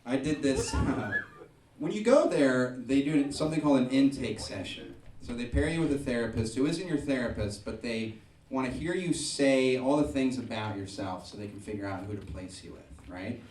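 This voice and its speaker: A young man doing a stand-up comedy set, telling self-deprecating stories and bursting into loud acted voices. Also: mid-range voice, lively intonation, normal speed, slight background noise. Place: comedy club with live audience. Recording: echoey club from far off, audience audible.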